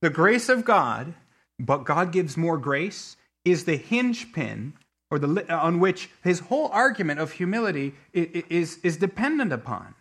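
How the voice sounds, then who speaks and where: A middle-aged man preaching a sermon, telling a story with many restarts and swinging between quiet asides and emphatic peaks. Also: a little high, big pitch swings, moderate pace. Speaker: pastor.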